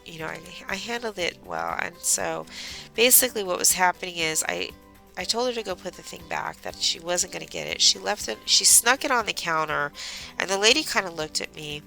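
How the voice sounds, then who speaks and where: Gravelly chatty woman crafting on stream. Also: fairly low pitch, animated, fairly quick, bright, forceful tone, soft background music. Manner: chatty, rambling storytelling. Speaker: craft livestream host. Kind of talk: casual chat while crafting.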